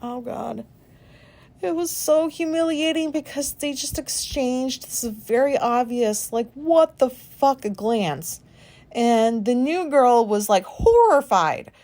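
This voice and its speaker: A woman in her forties, hosting a podcast and talking through an embarrassing memory in a candid, rambling way, self-conscious and quick to swear. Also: high-pitched, expressive, darkish tone. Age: 40s. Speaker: podcast host. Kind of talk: candid personal monologue.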